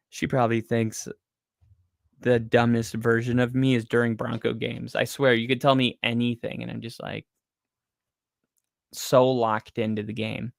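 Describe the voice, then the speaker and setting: Rambling excitable man talking football. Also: mid-range voice, moderate pace, vocal fry, no room sound, studio quality. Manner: rambling and excitable, with frequent fillers. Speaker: podcast co-host. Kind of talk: casual sports chat.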